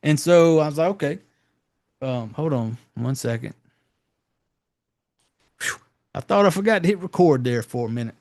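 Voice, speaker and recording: A man talks through a horror film's plot in a loose, meandering way, dropping curses and filler words as he goes. His voice sits a little high for a man. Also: lively intonation, moderate pace, long pauses, darkish tone. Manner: rambling, profane, loose storytelling with fillers. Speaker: podcast host. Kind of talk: casual movie recap.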